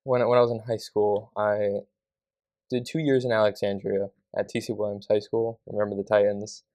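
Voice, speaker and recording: A young man speaks in a fairly low voice as a podcast guest. He answers earnestly and casually, leaning on filler words. The sound is dry and close. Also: little pitch movement, moderate pace, mellow, dry recording. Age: young adult.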